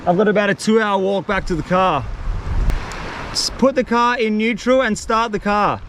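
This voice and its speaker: A young man vlogging outdoors in the outback, chatty and reassuring, sometimes excitable. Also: high-pitched, moderate pace, background noise. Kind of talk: casual vlog talk to camera and on the phone.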